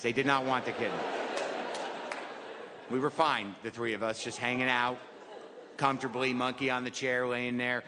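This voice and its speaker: On a theater stage, a middle-aged stand-up comedian rambles through a wry, neurotic, self-deprecating routine. His voice is medium-pitched against a noisy background, and the live recording picks up the crowd and reverb.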